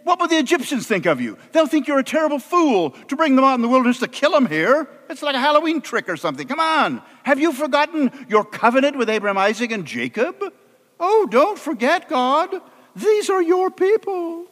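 A man voicing Moses as a bold, urgent man pleading in a high voice. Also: sing-song, fairly quick, a bit bright, long reverb tail, exaggerated voice.

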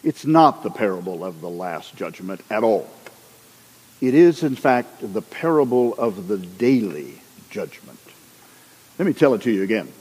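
A man preaching a sermon, animated and acting out the people in his stories. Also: on the low side, measured pace, breathy edge, in a large hall. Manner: animated, acts out characters in the stories.

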